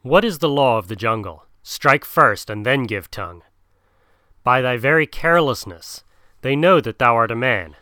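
A man voicing a wise, protective male black panther in a storybook reading, speaking softly and low, growing urgent when he gives advice. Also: expressive, normal speed, no echo, studio quality. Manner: soft and low, then urgent.

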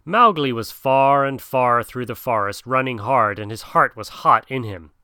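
A man narrating an audiobook in a steady, measured storytelling manner. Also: mid-range voice, clean tone, dry recording, clean studio sound.

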